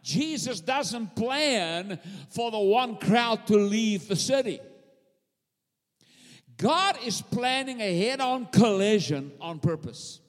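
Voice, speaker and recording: A man preaching a fervent sermon in a church, calling on the congregation to answer back. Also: high-pitched. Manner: fervent, repetitive preaching with call-and-response to the congregation. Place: church sanctuary. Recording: long hall reverb.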